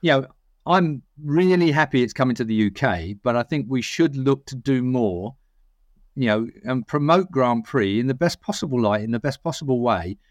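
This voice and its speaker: A man's voice: mid-range voice, expressive, moderate pace, no room sound. A middle-aged British man co-hosting a podcast, telling rambling stories and giving strong opinions. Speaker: podcast co-host. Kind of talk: casual chat.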